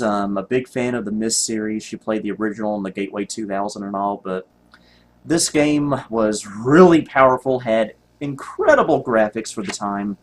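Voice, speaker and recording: A man, rambling and joking at himself with many ums while commenting on gameplay. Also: lowish voice. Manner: rambling, self-mocking, many ums and laughs. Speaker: retro computer video host.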